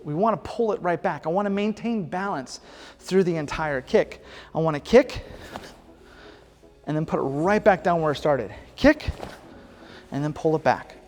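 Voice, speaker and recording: A man's voice: on the high side, normal speed, darkish tone, in a large hall. A man teaching a beginner martial arts class, coaching viewers in an upbeat, encouraging way. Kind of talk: home workout class instruction.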